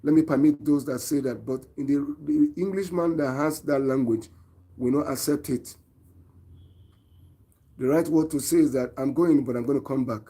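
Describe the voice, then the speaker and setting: A man's voice: fairly high pitch, steady tone, moderate pace, mellow, slightly rough. A man with a Nigerian accent, hosting an online show and giving an earnest, preachy opinion monologue, often asking his viewers questions.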